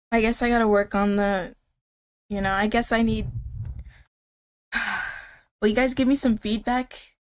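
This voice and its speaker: A woman's voice: on the high side, little pitch movement, slow, pauses often. A woman streaming live, chatting casually with her viewers in a rambling, playful way, often saying "like" and "dude".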